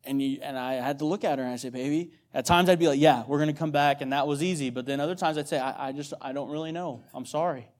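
Guy in his 30s preaching to his church, chatty and informal, kinda higher voice, asks the room questions. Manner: conversational, repeats words, asks the congregation questions. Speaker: missionary preacher. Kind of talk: sermon.

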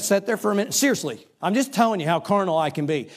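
A middle-aged man preaching, telling a story about himself in an animated, self-mocking way with quoted asides. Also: high-pitched, quick pace, hardly any pauses. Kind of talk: storytelling sermon.

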